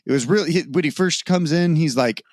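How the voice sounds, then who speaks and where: A man's voice: a little high, a little fast, no room sound, studio quality. A man co-hosting a gaming podcast, chatting loosely in a rambling way and swearing now and then. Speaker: podcast co-host. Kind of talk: casual chat.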